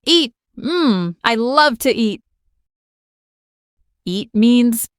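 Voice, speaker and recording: A woman teaching beginner English vocabulary, speaking slowly and clearly and repeating each word for learners to copy. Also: a little high, animated, no room sound, clean studio sound. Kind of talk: beginner language lesson.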